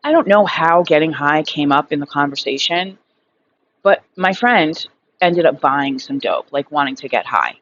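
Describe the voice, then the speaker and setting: A woman's voice: deep voice, animated, moderate pace, fairly bright tone, muffled recording, a little hiss or hum. A woman in her thirties telling a story in a casual vlog monologue, frank and rambling, swearing freely and filling her sentences with fillers. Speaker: recovery vlogger.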